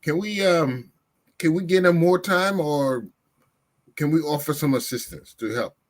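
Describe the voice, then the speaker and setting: A man hosting a panel debate, asking questions in a measured way. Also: a little high. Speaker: debate host.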